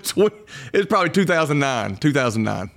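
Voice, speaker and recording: A middle-aged man, a pastor telling his story in a casual interview, folksy and quick to laugh. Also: fairly high pitch, big pitch swings, creaky, a bit bright. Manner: folksy, laughs often, quotes himself.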